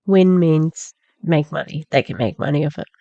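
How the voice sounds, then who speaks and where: A woman's voice: low voice, moderate pace, creaky, dark tone, no room sound, dull audio. A woman casually commenting on a clip, sarcastic and dismissive, with plenty of fillers.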